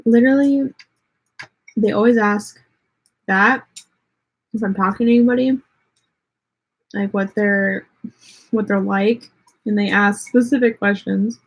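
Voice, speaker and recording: A woman's voice: medium pitch, steady tone, a little slow, long pauses, slightly rough, dull audio. A young woman with a Texan accent chatting bluntly and sarcastically on a livestream, filling her talk with "like". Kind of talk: casual livestream chat.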